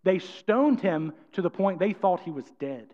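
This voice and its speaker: A man's voice: sits high, expressive, moderate pace, darkish tone. A man preaching a sermon with energy and emphasis, often acting out quotes. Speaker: pastor. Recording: dull sound, long church-hall reverb.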